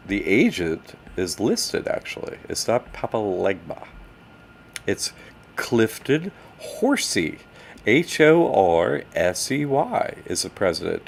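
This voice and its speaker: A man's voice: on the low side, vocal fry, a little hiss or hum. A man hosting a live stream, talking casually to chat while he struggles with his screen. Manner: animated, talks to chat while fumbling with the screen. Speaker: livestream host answering chat. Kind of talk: casual livestream talk.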